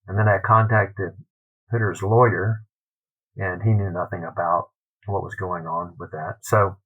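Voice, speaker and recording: A man, a literary scholar, telling an anecdote in a podcast interview, animated and acting out the quotes. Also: low voice, unhurried, breathy edge, phone-quality sound. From United States.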